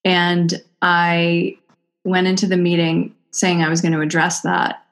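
Low-voiced woman telling a story. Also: a little slow. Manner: animated, acts out quoted voices. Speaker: guest, Ayurvedic practitioner. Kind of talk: casual conversational storytelling.

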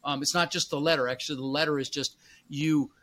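A middle-aged man being interviewed as a real estate coach, speaking emphatically with repeated phrases and bursts of loud, punchy delivery. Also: on the high side, steady tone, quick pace. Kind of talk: motivational interview talk.

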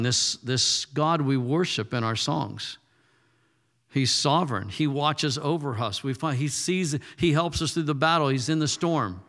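A man's voice: on the high side, unhurried, a bit bright. A male pastor preaching a sermon in a loose, conversational way, often repeating words as he goes. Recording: reverberant hall.

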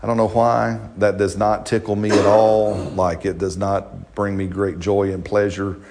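A man's voice: on the low side, flat delivery, unhurried, vocal fry, background noise. A middle-aged male pastor preaching a sermon in a conversational, joking way, often checking in with the congregation. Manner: conversational, jokey, repeats and restarts, asks the congregation questions.

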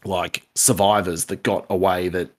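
A man's voice: deep voice, flat delivery, moderate pace. A man hosting a casual podcast, rambling and swearing, often restarting his sentences.

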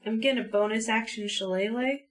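A woman's voice: a little high, brisk. A woman playing a tabletop game, chatting casually and joking with the table. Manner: playful, joking. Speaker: player.

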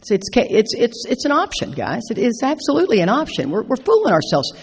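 A middle-aged woman speaking at a recovery meeting, telling stories with playful, animated asides. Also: fairly high pitch, quick pace, slightly rough. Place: large meeting hall. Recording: echoey hall with long reverb.

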